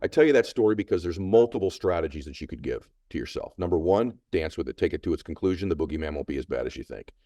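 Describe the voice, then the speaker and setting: A man's voice: deep voice, expressive, fast, hardly any pauses, dark tone, no echo. A middle-aged man hosting a motivational podcast, telling a story with emphatic, coaching delivery and repeated punchy phrases.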